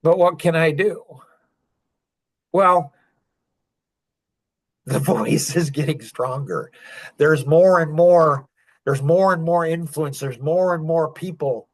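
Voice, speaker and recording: A middle-aged man talking on a podcast with a somewhat high voice. He speaks with raw intensity and often climbs into angry, emphatic outbursts. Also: slow, pauses often. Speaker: podcast guest sharing his story. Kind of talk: emotional podcast conversation.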